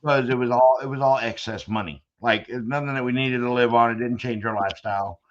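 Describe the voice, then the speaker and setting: A man's voice: mid-range voice, fairly even intonation, fast talker. A man hosting a podcast, telling rambling stories in a joking, casual way. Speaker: podcast host. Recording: dull lo-fi audio.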